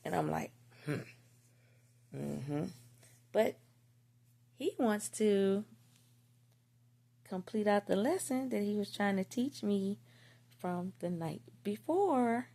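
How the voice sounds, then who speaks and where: Gravelly, husky woman telling a story. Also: medium pitch, animated, slow pace, pauses often, dark tone. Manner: candid, profane, slangy storytelling. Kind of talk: casual storytime monologue.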